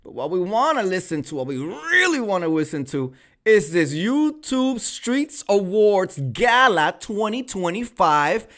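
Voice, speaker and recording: A man's voice: high voice, very animated, a little slow, a bit bright. A man hosting a casual livestream, talking in a sassy, theatrical, mocking way. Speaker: livestream host.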